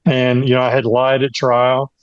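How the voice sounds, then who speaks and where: A man's voice: mid-range voice, completely flat delivery, moderate pace, clean tone, no room sound, lo-fi sound. A man giving an earnest personal testimony as a guest, with frequent fillers. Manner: earnest storytelling, many fillers.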